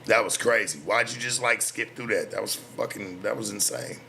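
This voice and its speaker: A man's voice: fairly low pitch, gravelly, noisy background. A man from the US West Coast, a streamer giving a heated, profane reaction commentary. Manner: profane, heated, rapid-fire ranting.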